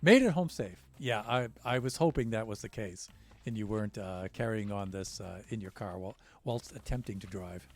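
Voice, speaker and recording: A man's voice: on the low side, fairly even intonation, moderate pace. An American man casually chatting with his stream viewers, rambling with lots of fillers and restarts. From United States.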